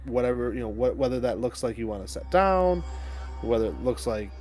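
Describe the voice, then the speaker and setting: A relaxed man running a tabletop game and talking the players through the setting. He speaks conversationally, filling gaps with small fillers, at a middling pitch. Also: brisk, faint music behind. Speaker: game master. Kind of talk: explaining rules and setting.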